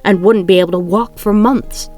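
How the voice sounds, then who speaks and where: A woman's voice: medium pitch, fairly even intonation, normal speed, a little mellow, soft background music, lightly acted. A woman reading aloud as a worried, earnest young male prince in a storybook reading.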